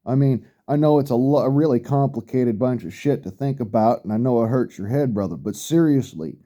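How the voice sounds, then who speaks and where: Middle-aged man, very dark, mellow tone, blunt and profane, ranting in a vlog. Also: medium pitch, brisk. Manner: blunt, heavy swearing, repeats himself for emphasis. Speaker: vlogger. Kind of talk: profane rant.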